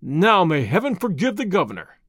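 A man voicing a bold masked highwayman who gives stern commands, read as an audiobook. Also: wildly swooping pitch, moderate pace, a bit bright, dry recording, studio quality, exaggerated voice. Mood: commanding.

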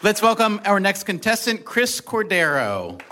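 A man's voice: high-pitched, big pitch swings, measured pace, over music, a crowd in the background. A man hosting a live quiz show, welcoming contestants and teasing them with playful banter. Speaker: game show host. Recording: live audience in the room.

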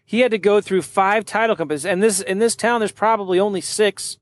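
A man with a voice pitched a little higher than most tells a story in a casual monologue. He is animated and slips into quoted voices for the people in his tale. He speaks as a real estate wholesaler and podcast host. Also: a little fast.

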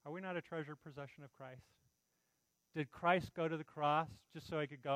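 A man's voice: fairly high pitch, fairly even intonation, a little fast, a bit bright, no echo, poor audio. A man preaching a sermon in an earnest, pleading, conversational way, often checking in with his listeners. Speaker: pastor.

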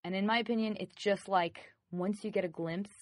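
A woman's voice: medium pitch, steady tone, moderate pace, no room sound, studio quality. A woman hosting a self-help podcast in a casual, chatty way, full of "like" and jokey asides. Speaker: podcast host.

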